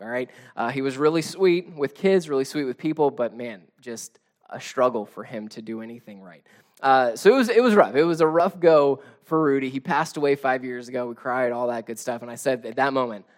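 A man in his thirties preaching a conversational sermon as a pastor, telling stories with casual, self-deprecating humor. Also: mid-range voice.

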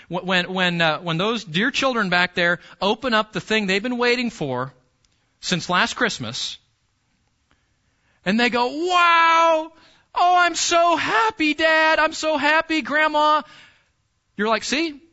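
Male pastor, bright high voice, chatty sermon style with questions to the pews, dull lo-fi church recording. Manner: conversational, repeats key phrases, questions the congregation.

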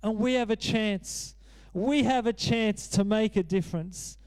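A man's voice: sits high, unhurried, a little mellow, clear, resonant tone. A man in his thirties preaching a sermon as pastor, earnest and repeating phrases for emphasis.

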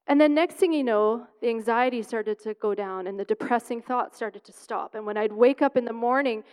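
Woman preaching with clear ringing voice. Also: on the high side, normal speed, a little mellow. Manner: emphatic, repeats words for stress. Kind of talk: sermon with scripture reading and personal story. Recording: long hall reverb.

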